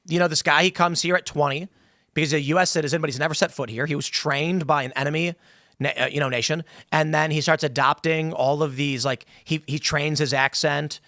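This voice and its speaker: A man hosting a panel talk show, laying out a long hypothetical scenario with animated delivery. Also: on the high side, fairly quick, dry recording, clean studio sound. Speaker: show host.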